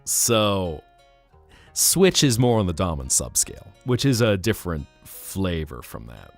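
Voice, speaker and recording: A man's voice: sits low, very animated, a little slow. A man streaming live, chatting casually and playfully teasing his viewers as he reacts to chat. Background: faint guitar music.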